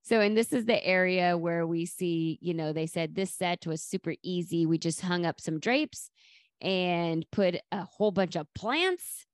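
Speaking at a measured pace in a lowish voice with no echo, this podcast co-host discusses a sitcom episode in casual conversation. She's lively, performing quoted lines with laughter.

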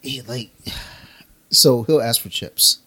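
A man's voice: mid-range voice, takes it slowly, sharp tone, husky. A man co-hosting a casual podcast, telling a profane, laugh-filled story with slang. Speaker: podcast co-host.

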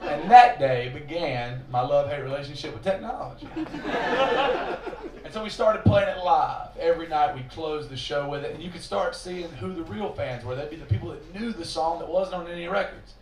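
A man with a slightly high voice spins a crude, self-mocking tale between songs at a live show. He sounds roomy and a bit distant from the mic, with the crowd's murmur and venue noise clearly audible behind him. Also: moderate pace. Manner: profane, self-mocking, animated storyteller. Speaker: singer-songwriter telling stories on stage. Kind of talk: live stage storytelling. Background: audience ambience.

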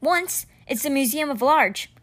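A woman's voice: high-pitched, expressive, a little slow, fairly bright tone. A woman reading a storybook aloud, voicing an earnest, anxious young male leader. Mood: urgent.

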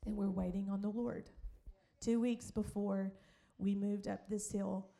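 A woman pastor tells a story from the pulpit. She is lively and quick to laugh, and her voice stays at a middle pitch. She slips into other people's voices as she goes. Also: vocal fry. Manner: animated, laughing, acts out voices in stories. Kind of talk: sermon storytelling.

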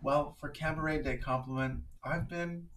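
A young man co-hosting a comedy podcast, tossing in quick deadpan jokes. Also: a little high, background noise. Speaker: podcast co-host.

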